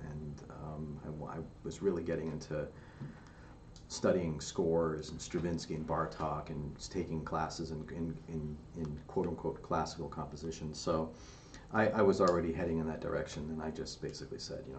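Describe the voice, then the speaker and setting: Man, very low voice, casual storytelling, roomy sound, distant from the mic, faint room noise. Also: moderate pace. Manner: animated storytelling, quoting himself. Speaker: guest. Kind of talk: casual chat.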